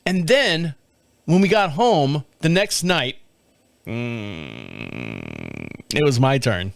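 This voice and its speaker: A middle-aged man telling a story casually on his podcast, animated and laughing often, with some swearing. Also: mid-range voice, extremely slow, creaky, no echo. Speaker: podcast host. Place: home studio.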